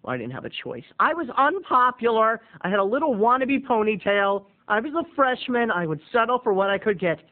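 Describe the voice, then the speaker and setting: A man telling a comic personal story to viewers in an animated way, addressing them directly. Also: high voice, quick pace, hardly any pauses. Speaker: video blogger. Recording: tinny phone-like audio.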